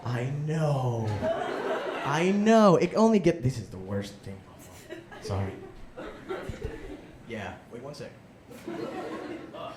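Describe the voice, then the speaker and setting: A young man, a student, doing a self-deprecating stand-up comedy set and jumping into excited inner voices, in front of a laughing audience. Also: medium pitch, slow, pauses often. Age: young adult. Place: live comedy room with audience. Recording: echoey room with background noise.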